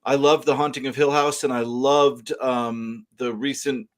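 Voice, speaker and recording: A man's voice: medium pitch, little pitch movement, measured pace, clean tone. Joking man hosting a chat. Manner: joking, loose and rambling. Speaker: podcast host. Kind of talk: casual chat.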